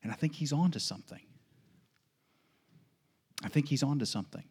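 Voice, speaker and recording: A man preaching a sermon as pastor, emphatic and folksy, repeating questions and answers in a steady call-and-response rhythm. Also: mid-range voice, fairly quick, breathy edge. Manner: folksy asides with light laughs.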